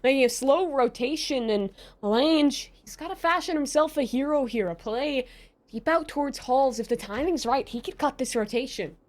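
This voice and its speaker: Steady woman breaking down an esports match. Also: sits high, normal speed. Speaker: esports color caster. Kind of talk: analytical game commentary.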